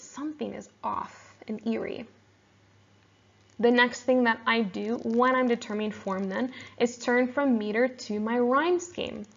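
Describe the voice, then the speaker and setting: A woman teacher explaining poetry in a steady, explanatory lesson, sometimes reading verse aloud slowly. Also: on the high side, creaky, muffled recording. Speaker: English teacher.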